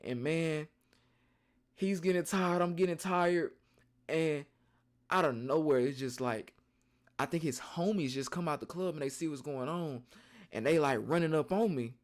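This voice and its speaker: A young man streaming, telling a rambling story in a casual, slangy and animated way. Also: on the high side, moderate pace.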